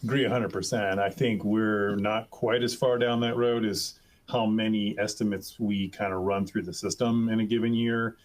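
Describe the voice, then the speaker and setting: Brief: male panelist with a lowish voice, casual and loose, says "um" and "like" a lot. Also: level tone, normal speed. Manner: informal, many fillers. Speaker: healthcare revenue leader, panelist. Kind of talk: panel discussion.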